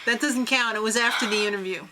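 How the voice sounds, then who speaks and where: A young American woman co-hosting a casual reality TV recap chat, giggly and prone to loud laughs. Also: a little high, quick pace, a little hiss or hum, low-quality recording. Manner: giggly, breaks into loud laughs and mock voices. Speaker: co-host of a reality TV recap show.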